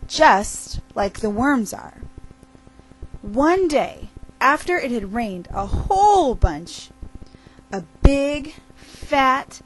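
A woman telling a picture-book story aloud with expressive, drawn-out emphasis. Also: sits high, slightly rough, low-quality recording.

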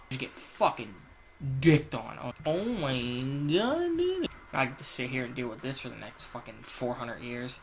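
A man's voice: mid-range voice, huge pitch swings, moderate pace, fairly bright tone. A man giving crude, profane let's play commentary while he plays, ranting and joking. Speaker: gamer.

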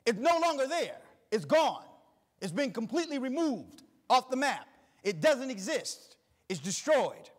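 Male pastor, middle-aged, very high voice, preaches with emphatic repetition. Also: big pitch swings. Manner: preaching with rising emphatic repetition, reading scripture slowly. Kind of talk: sermon.

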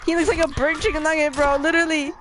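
A woman's voice: high-pitched, little pitch movement, fast. A young woman chatting while playing a game with a friend, joking around and swearing. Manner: jokey, swears, screams when startled. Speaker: gamer. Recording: noisy live stream audio.

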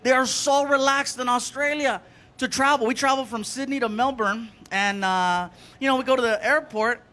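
A man doing an animated stand-up set, telling stories and acting out the people in them. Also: very high-pitched, moderate pace. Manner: animated, acts out characters in quotes. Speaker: stand-up comedian. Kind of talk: stand-up storytelling. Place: comedy stage before a live audience.

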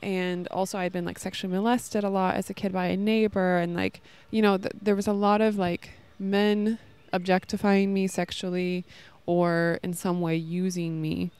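A woman's voice: lowish voice, level tone, normal speed, hardly any pauses, darkish tone, clear, resonant tone. A woman in her thirties talking casually and earnestly about love and self-worth, rambling with many fillers, recorded outdoors in a park. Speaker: podcast host. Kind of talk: casual spiritual talk. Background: children playing nearby.

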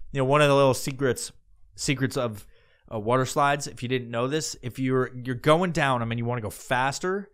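A man's voice: mid-range voice, smooth. A man hosting a podcast, telling a comedic story casually, with lots of swearing and rambling asides. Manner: profane, rambling and animated. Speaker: podcast host.

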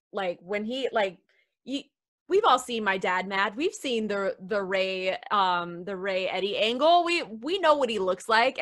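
A young woman with a bright, forceful voice tells a personal story over a video call. She talks in an animated way, acting out quotes as she goes. Her voice sits a little high for a woman. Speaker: interview guest, wrestler. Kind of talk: casual storytelling.

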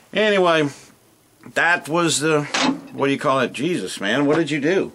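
A man's voice: a little high, animated, moderate pace, fairly bright tone, a little hiss or hum. A man hosting a casual drum lesson video, rambling and self-deprecating with many fillers. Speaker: drum teacher.

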